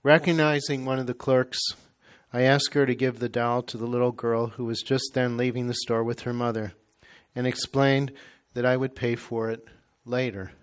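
A man reading a devotional story aloud in a slow, measured, reverent way. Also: medium pitch, level tone, clean tone. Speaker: reader.

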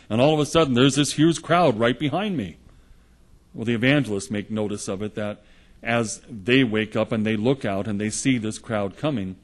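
Male preacher, husky timbre, earnest storytelling sermon delivery. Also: mid-range voice. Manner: earnest storytelling, retelling gospel scenes in the present tense.

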